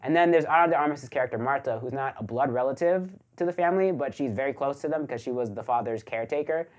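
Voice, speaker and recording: A man's voice: medium pitch, fast, lo-fi sound. A man talking casually in a video movie review, chatty and joking, with plenty of fillers, just back from being sick. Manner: chatty, jokey, lots of fillers like "like". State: recovering from illness.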